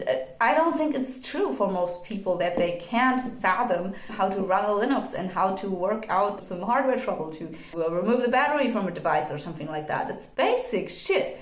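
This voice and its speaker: A young woman giving a blunt, opinionated, sweary monologue to camera in English that is not her first language, sometimes mocking people in put-on quotes. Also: medium pitch. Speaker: video essayist. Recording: echoey room.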